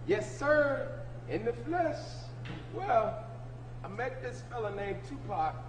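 A man's voice: very high voice, lively intonation, slow pace, full character voice. A man voicing a blind, jokey male bartender figure of a late singer who delivers punchlines in a chatty way. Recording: echoey room with background noise.

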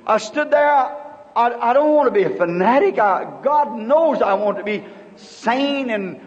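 A man in his fifties with a very high-pitched voice and lively intonation preaches earnestly, telling stories haltingly and often restarting sentences. It sounds like a dull old sermon tape, with long hall reverb on his voice.

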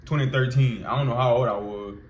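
A man's voice: mid-range voice, fairly even intonation, fairly quick, slight background noise. Storytelling man in his twenties, echoey room. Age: 20s. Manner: loose, profane street slang with many fillers. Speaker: vlogger. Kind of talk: casual storytelling.

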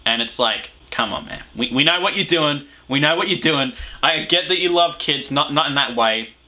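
A young Australian man rambles through a reaction video in a crude, mocking way. His voice is bright and lively, swinging up and down in pitch. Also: moderate pace. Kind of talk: casual reaction commentary.

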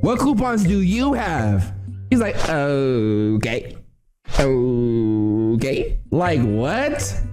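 Streamer host: young man, roasts cartoons, voice a bit high and very lively, light music under him. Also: takes it slowly. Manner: animated roasting, slangy, addresses chat as bro. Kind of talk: casual comedic commentary.

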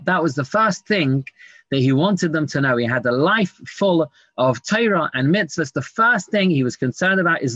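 Rabbi teaching Talmud in a dull, dry recording. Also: male voice, on the high side, lively intonation, moderate pace, a bit bright, husky, no room sound. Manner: reads Aramaic text then explains it in English, many fillers. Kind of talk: Talmud class lecture. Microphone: screen-sharing online class.

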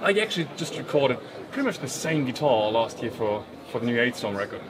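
A man, a guest musician telling stories in relaxed, casual banter. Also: mid-range voice, brisk, noisy background. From Germany. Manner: relaxed, storytelling. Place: busy indoor guitar trade show. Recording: loud crowd chatter behind.

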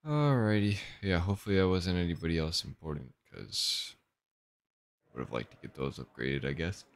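A young man hosting his own gaming channel, giving relaxed, rambling commentary and thinking aloud as he plays. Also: deep voice, fast. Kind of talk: casual gameplay commentary.

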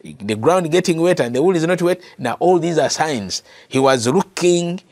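A man's voice: on the high side, animated, moderate pace, darkish tone, dry recording, studio quality. A man with a Ugandan accent teaching a Bible lesson as a sermon, earnest and repeating key phrases for emphasis. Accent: Ugandan English. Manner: addresses listeners as brother and sister. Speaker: preacher.

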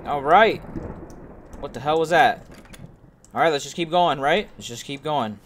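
A young man streaming a horror game, joking and swearing to his chat as he plays, and shouting when something startles him. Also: on the high side, measured pace, a little hiss or hum. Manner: joking, profane, talks to himself. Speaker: gaming streamer. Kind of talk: let's play commentary to chat.

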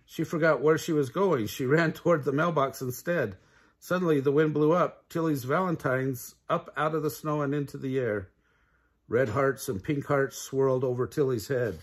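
A man's voice: a little high, moderate pace, husky. An older man reading a children's storybook aloud, adding sound effects.

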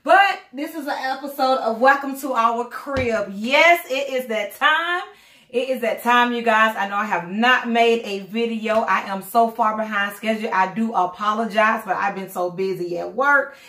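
A woman's voice: on the high side, moderate pace, hardly any pauses. Chatty breathless woman in echoey room. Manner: chatty, rambling, excitable. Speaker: vlogger, doll collector. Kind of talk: casual unboxing vlog.

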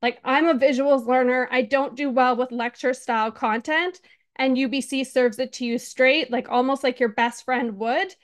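A woman's voice: high voice, fairly even intonation, moderate pace. A young-sounding woman on a video call, giving an earnest, emotional testimonial about an online course. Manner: earnest, emotional, close to tears. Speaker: course contributor. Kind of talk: webinar testimonial.

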